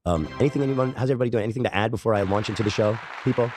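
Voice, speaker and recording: A man's voice: lowish voice, very fast, over music, a crowd in the background. A sick man hosting a podcast, brash and joking, in casual profane banter. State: sick, coughing. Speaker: podcast host.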